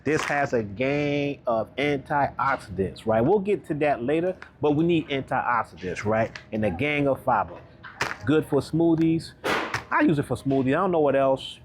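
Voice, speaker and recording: Strolling through a grocery store, this man, a wellness coach, vlogs his shopping casually and cheerfully, tossing the viewer a quick "right?" now and then. He speaks expressively at a medium pitch over a slight hiss or hum.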